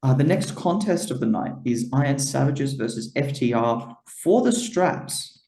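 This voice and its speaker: A Greek diaspora man co-hosts a podcast, reading a wrestling recap packed with "uh" and "um." His voice is medium-pitched, animated and dark in tone, delivered at a measured pace with a reverberant sound.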